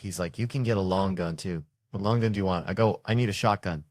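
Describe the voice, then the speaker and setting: A man's voice: low voice, quick pace, a little mellow, no echo. A man telling a stand-up story in a rowdy, profane manner, imitating the people in it. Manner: rowdy, profane anecdotes with mimicked voices. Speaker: stand-up comedian.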